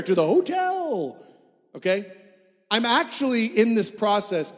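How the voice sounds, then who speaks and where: Animated preacher in an echoing hall. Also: male voice, sits high. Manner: animated, acts out dialogue in his story. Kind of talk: storytelling sermon. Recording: hall with long reverb.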